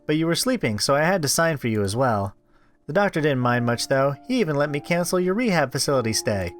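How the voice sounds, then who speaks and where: A man's voice: on the high side, big pitch swings, quick pace, soft background music. A man voicing a sweetly menacing young female stalker with a cloying, singsong manner. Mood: sugary. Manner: cloying, singsong, mock-cheerful. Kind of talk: voice-acting a visual novel.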